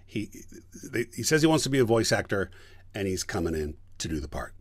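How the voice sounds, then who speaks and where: Lively man telling studio stories. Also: lowish voice, brisk, breathy edge, dry recording. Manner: animated storyteller, acts out quoted voices. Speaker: voice director and voiceover teacher. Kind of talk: casual storytelling interview.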